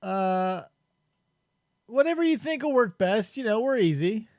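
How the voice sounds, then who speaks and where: A man hosts a live stream in loose, joking banter, chuckling between lines. His voice sits a little high for a man. The sound is dry and close, with no room around it. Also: expressive, unhurried, a little mellow, no room sound. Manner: laid-back, joking, laughs often. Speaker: podcast host. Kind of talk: casual chat before a live stream.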